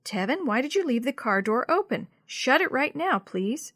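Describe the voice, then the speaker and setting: A woman reading aloud as a firm mother scolding her son, her voice slightly high. The recording sounds dry and close. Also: sing-song, moderate pace, a bit bright, no room sound, exaggerated voice. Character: scolding mother of a young boy.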